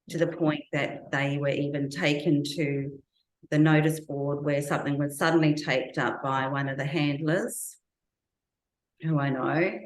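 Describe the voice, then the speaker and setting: A woman's voice: extremely low pitch, roomy sound, low-quality recording. A woman as an interview guest, giving earnest, reflective personal testimony full of recalled detail.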